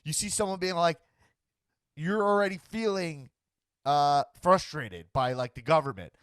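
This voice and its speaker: This man hosts a laid-back talk show podcast, rambling with frequent restarts and stammers while acting out other people's voices mid-sentence. He speaks unhurriedly in a slightly high, fairly bright, clear and resonant voice. The sound is studio quality without echo.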